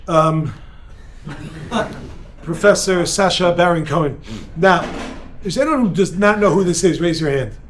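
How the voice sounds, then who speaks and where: A rabbi with a high voice delivers an energetic, joking lecture at a seminar. He bounces between points and banters with the audience in the room. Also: a little slow, long pauses, a little hiss or hum. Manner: energetic, joking, talks with the crowd. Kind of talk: lively seminar talk to a live audience.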